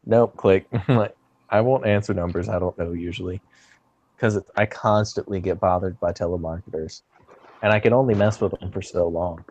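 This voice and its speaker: A man with a fairly low, mellow voice chats casually on a podcast. He tells jokey stories and laughs often. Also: steady tone, moderate pace, highs cut off. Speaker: podcast co-host. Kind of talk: casual chat.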